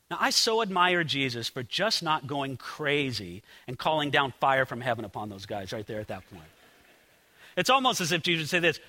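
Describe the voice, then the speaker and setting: A man preaching a sermon in a large hall, his voice bright and sharp with a long echo trailing behind it. He speaks in a lively, conversational way, pitched high and swinging widely up and down. He often turns aside to speak straight to his listeners. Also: normal speed. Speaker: pastor.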